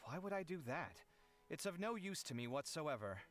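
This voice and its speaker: A drained young architect, sighing and hesitant, lively pitch, game scene. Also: male voice, moderate pace, over loud music. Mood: puzzled. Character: weary young male architect, modest, drained. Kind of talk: game cutscene voice acting.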